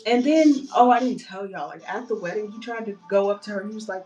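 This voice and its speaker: A young woman casually retelling a story on a livestream, chatty and animated, with playful outrage, painting her nails as she talks. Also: mid-range voice, fairly quick, few pauses.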